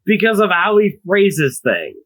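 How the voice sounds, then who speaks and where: A podcast co-host in casual chat, talking slowly and playfully. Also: medium pitch, big pitch swings, a bit bright, poor audio.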